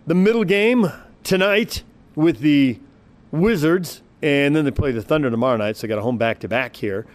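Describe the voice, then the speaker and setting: A man's voice: a little high, moderate pace. A man hosting a sports radio show, introducing postgame clips in an offhand, joking way.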